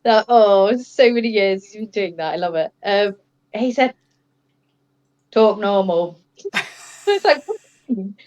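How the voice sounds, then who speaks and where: A woman from England whose English accent carries an Australian tinge, telling lively anecdotes in casual chat as a podcast co-host. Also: medium pitch, moderate pace. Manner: lively, laughing anecdote teller.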